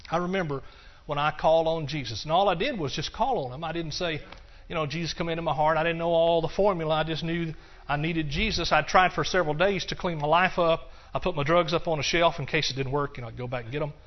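An older man giving a personal testimony sermon, earnest and repetitive, dropping to hushed stretches and rising into passionate bursts. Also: a little high, fast, few pauses. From Texas. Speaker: preacher. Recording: dull lo-fi recording.

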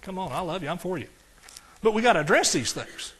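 Animated preaching man, fairly high voice. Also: fast, slightly rough. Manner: animated, swings from loud preaching to quiet asides; talks directly to the congregation, asks questions. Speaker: pastor. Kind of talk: sermon.

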